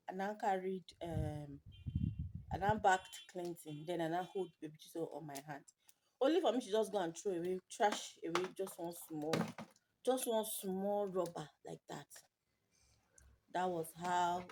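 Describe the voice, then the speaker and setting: With a lowish voice, a Nigerian woman who vlogs about motherhood recounts an emotional story straight to camera. She rambles as she goes, blending Pidgin into her English, and the home video sound is noisy.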